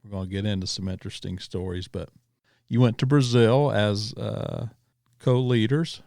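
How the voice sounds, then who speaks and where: A man's voice: on the low side, moderate pace, vocal fry, darkish tone, no room sound, clean studio sound. A man hosting a casual interview podcast, asking rambling questions and checking the timeline. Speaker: podcast host.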